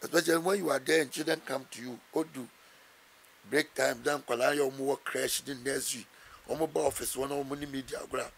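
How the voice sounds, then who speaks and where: A man's voice: medium pitch, steady tone, brisk, gravelly, slight background noise. A man with a Ghanaian accent, a pastor answering interview questions in an earnest preaching manner, quoting scripture and mixing in Twi phrases. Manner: earnest, quotes scripture, switches between English and Twi.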